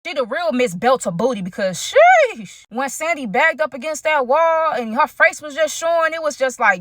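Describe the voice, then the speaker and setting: A woman telling a story in a casual, animated vlog style, chatting straight to her viewers. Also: sits high, moderate pace, dry recording, studio quality. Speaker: storytime vlogger.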